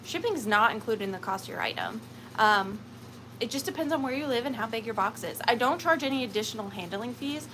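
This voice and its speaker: Woman, livestream sale host, chatty and giggly, slightly high voice, faint hiss behind. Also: animated, brisk. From Georgia, USA. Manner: chatty, rambling, laughs often, lots of fillers. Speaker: host of a live vintage and antique sale. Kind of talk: casual livestream chat.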